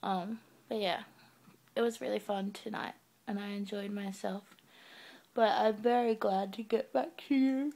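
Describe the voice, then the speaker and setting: A young woman recording a sleepy video message to her partner in her bedroom at night, talking softly with her eyes closed. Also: mid-range voice, fairly even intonation, a little slow. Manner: soft, drowsy and affectionate, talking with eyes closed. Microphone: webcam.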